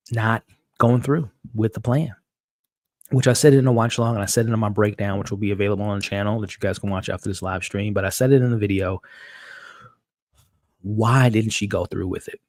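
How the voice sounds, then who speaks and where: A man with a somewhat low voice hosts a live-stream recap of a TV episode. He talks excitably, often repeating words as he restarts his sentences. The sound is dry and close, with no room echo. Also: normal speed, long pauses. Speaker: show host. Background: dog.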